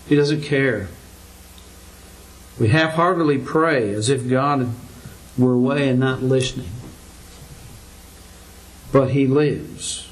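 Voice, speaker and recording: A man's voice: medium pitch, rough recording. An older man preaching a sermon to his congregation, earnest and full of rhetorical questions, his voice climbing for emphasis.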